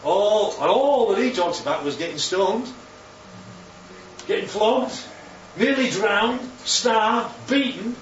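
A man preaching a sermon, animated and full of rhetorical questions, his voice leaping up for emphasis. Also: sits high, slow, slight background noise. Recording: roomy, distant, dull sound with faint ambience.

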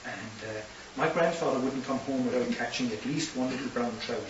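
Irish preacher in a roomy hall. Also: male voice, mid-range voice, brisk. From Ireland. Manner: storytelling, building to impassioned emphasis. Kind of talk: sermon. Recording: roomy distant hissy lo-fi recording.

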